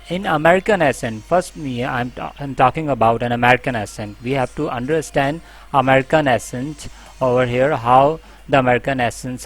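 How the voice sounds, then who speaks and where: A man with a Pakistani English accent gives a casual lesson as an instructor. He talks in a halting way, full of fillers and restarts, at a middling pitch.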